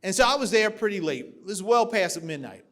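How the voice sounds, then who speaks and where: High-voiced man giving a keynote. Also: lively intonation, fairly quick, fairly bright tone. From South Carolina, USA. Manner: folksy storyteller rising to rousing, emphatic oratory. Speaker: keynote speaker at a party dinner. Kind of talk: political keynote speech with storytelling. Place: large banquet hall, at a podium.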